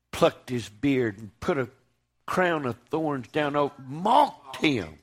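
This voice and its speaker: A man preaching a sermon, swinging from loud, fervent declaiming to hushed, quiet lines. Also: medium pitch, animated, slow pace.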